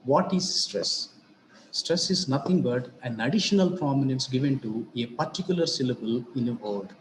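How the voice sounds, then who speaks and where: A man giving a grammar lesson as a teacher, explaining each point deliberately, repeating himself and spelling out examples. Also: medium pitch, lively intonation, a little hiss or hum. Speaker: English teacher. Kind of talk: slow explanatory grammar lecture. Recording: roomy echo with faint ambience.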